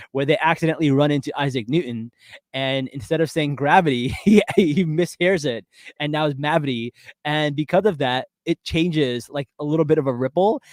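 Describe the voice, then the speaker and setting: This man co-hosts a podcast, discussing a TV episode in a casual, animated way and sprinkling in many fillers. His voice is mid-range, and the recording is dry and studio quality.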